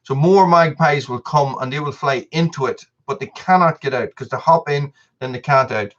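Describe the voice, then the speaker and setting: A man's voice: mid-range voice, moderate pace, fairly bright tone, lo-fi sound. A man hosting a casual live stream, chatting with viewers in a rambling way, full of restarts and repeated words.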